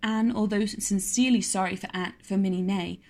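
A woman reads a classic novel aloud in a steady, measured voice. Her pitch sits in the middle range for a woman. She keeps a clear storytelling pace. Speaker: audiobook narrator. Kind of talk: audiobook narration.

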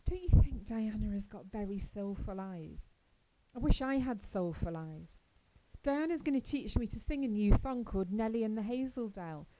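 A woman voicing an excitable dreamy orphan girl. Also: medium pitch, normal speed, natural voice, rough recording. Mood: gushing. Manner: breathless, gushing and wide-eyed. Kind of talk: audiobook character reading.

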